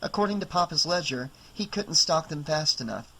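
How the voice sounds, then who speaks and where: A woman's voice: low voice, expressive, brisk, a bit bright, husky, full character voice, poor audio. A man reading an audiobook, voicing a determined, defensive young woman who talks in clipped, insistent bursts.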